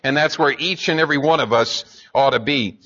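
A man's voice: medium pitch, brisk, sharp tone, dull audio. A man preaching a sermon as pastor, talking in a conversational way and climbing to emphatic peaks.

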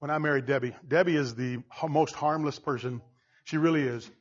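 Male pastor with a high voice, fiery sermon that swings from hushed to shouting, dull lo-fi recording. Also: fairly even intonation, a little fast, husky. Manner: swings from quiet to shouting, laughing.

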